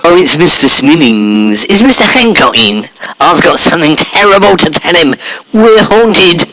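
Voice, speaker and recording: Camp, nasal, swooping bell-ringer. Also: male voice, a little high, big pitch swings, normal speed, background noise. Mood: panicky. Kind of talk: comic radio-style pastiche.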